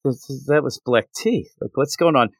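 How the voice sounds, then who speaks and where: A man's voice: medium pitch, moderate pace, dry recording, clean studio sound, natural voice. A man voicing a confused, level-headed man who stammers while flustered, during a podcast manga recap.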